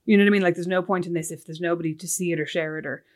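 A woman, co-hosting a podcast, chatting casually and telling animated stories. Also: on the low side, very fast. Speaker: podcast co-host. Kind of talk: casual chat.

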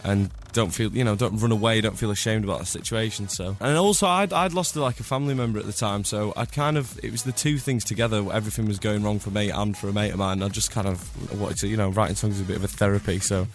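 A young man from Scotland, a singer guest, chatting in a radio interview with a slightly hoarse voice from flu, rambling and laughing often. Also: fairly low pitch, fast talker, hardly any pauses, soft background music. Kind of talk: casual radio interview chat. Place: radio studio.

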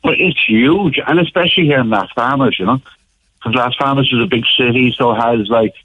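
A man's voice: mid-range voice, a little fast, slightly rough, no room sound. Irish man chatting down a phone line. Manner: chatty, joking, many fillers. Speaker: caller abroad. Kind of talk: casual phone chat.

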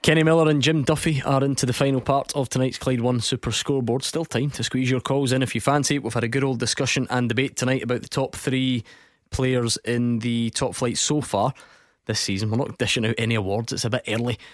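Brisk male radio host. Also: medium pitch, steady tone, no room sound, clean studio sound. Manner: brisk, upbeat, steering the talk. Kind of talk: radio phone-in hosting.

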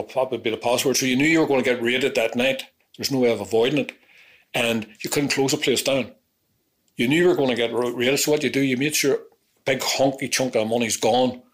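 A man with a Belfast accent from Northern Ireland, bluntly recounting a tense past night in casual, heavily sworn storytelling. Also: medium pitch. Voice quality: blunt, profane, animated retelling with acted-out quotes. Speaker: interviewee recounting his past. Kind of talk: vivid storytelling, heavy swearing.

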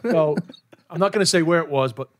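Animated, high-voiced man telling stories. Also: fairly quick. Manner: animated storyteller who swears often and acts out dialogue. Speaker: comedian. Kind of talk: casual podcast interview.

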